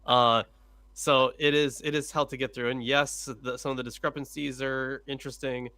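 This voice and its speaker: A man's voice: medium pitch, level tone, moderate pace, sharp tone, no room sound. A man hosting a casual panel chat, blunt and swearing casually. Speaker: host.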